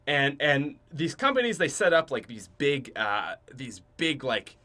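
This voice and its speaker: His pitch swings widely around a mid-range center, and he talks a little slowly with a sharp edge. The speaker is a young Canadian man with a Canadian accent hosting a podcast, telling a rambling casual story packed with fillers and restarts.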